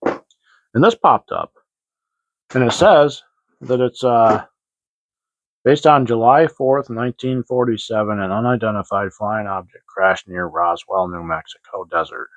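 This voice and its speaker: The host of a hobby model-kit channel talks at a measured pace in a lowish voice, pausing often, with no echo. His casual show-and-tell rambles and stumbles with many fillers and restarts, recorded dry, slightly dull and lo-fi.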